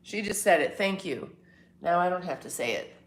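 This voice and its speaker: A woman's voice: lowish voice, big pitch swings, moderate pace. A woman hosting a casual morning livestream from home, rambling and chatting back to viewers' comments. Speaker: livestream host. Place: home, indoors.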